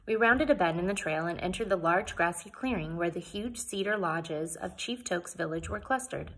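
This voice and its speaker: A woman's voice: fairly low pitch, expressive, moderate pace, a bit bright, slightly rough. A woman reading a novel aloud, narrating plainly and adding casual asides of her own. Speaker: audiobook reader.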